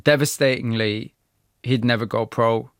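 A man's voice: mid-range voice, steady tone, fairly bright tone, no room sound. Male radio host, dry studio sound. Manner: measured, storytelling delivery. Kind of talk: radio interview with scripted narration. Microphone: studio microphone.

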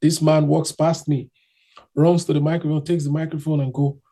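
A man's voice: fairly high pitch, little pitch movement, moderate pace, mellow. A man from Nigeria telling his own story in casual chat, acting out other people's voices as he goes.

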